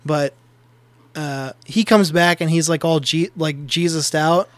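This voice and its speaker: Swearing podcast co-host, dry close sound. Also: male voice, a little high, fairly even intonation, a little slow, dry recording. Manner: profane, laughs along and chimes in. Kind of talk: casual chat.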